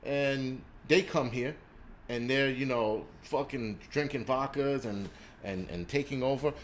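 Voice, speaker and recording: On his prepping channel's livestream, a man delivers a profane, combative rant, cursing constantly from somewhere indoors in a city. He speaks a little slowly at medium pitch, and there's slight hiss or hum.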